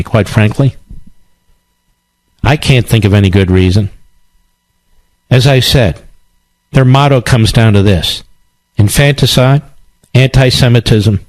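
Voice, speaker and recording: A man's voice: medium pitch, darkish tone, no echo, low-quality recording. A male radio talk show host delivering a combative, sarcastic political monologue with emphatic repetition.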